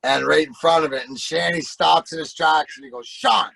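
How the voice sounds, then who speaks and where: A middle-aged man tells rowdy, profane stories as a podcast guest, acting out other people's voices as he goes. His voice sits a little high, and the close podcast mic gives a dry sound with no room around it. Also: steady tone, moderate pace, creaky, hardly any pauses, pushed and bright, dry recording, poor audio. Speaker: guest, former hockey player. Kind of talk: casual storytelling.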